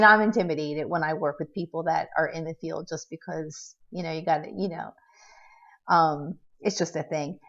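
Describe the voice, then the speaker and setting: Low-voiced woman rambling through a story. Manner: rambling, many restarts and fillers; tends to act out quotes in a lively way. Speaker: vlogger telling a personal story. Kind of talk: casual personal storytelling. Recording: dull lo-fi recording.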